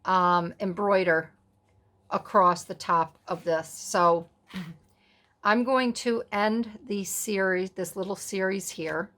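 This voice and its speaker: A woman's voice: mid-range voice, fairly even intonation, slow, a bit bright. A middle-aged woman hosting a casual crafting tutorial, chatting in rambling, self-amused asides as she works. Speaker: craft video host.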